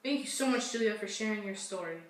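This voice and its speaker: A woman's voice: medium pitch, expressive, fast, natural voice. A young woman playing a talk-show hostess who interviews her guests in a gushing, sympathetic way. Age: young adult. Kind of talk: school-project talk-show role-play. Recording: echoey room, distant mic, faint hum.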